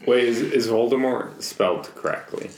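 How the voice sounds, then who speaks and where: A man's voice: mid-range voice, moderate pace, a little hiss or hum. A man co-hosting a podcast, making dry, wry comments in casual chat. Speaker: podcast co-host. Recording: roomy echo.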